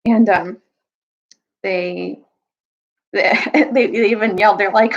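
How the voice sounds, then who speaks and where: Brief: young woman, storytime reader, lively kid-friendly delivery, slightly muffled lo-fi sound. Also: unhurried, pauses often. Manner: animated, jumps high for quoted characters. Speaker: storyteller reading aloud to children. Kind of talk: casual storytime recap and read-aloud.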